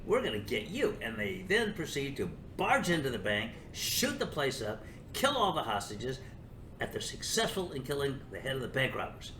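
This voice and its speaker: A man's voice: mid-range voice, sing-song, normal speed, pushed and bright, echoey room, a little hiss or hum. An older man hosting his own show, talking in a sarcastic, rambling monologue that sometimes turns into talking to himself. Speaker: show host. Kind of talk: opinion monologue.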